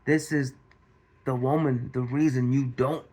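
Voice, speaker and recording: Male commentary host, unhurried delivery, mid pitch, repetitive rhetorical style. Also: fairly even intonation, darkish tone. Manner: repetitive, restarts, rhetorical questions to viewers. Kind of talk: casual commentary monologue.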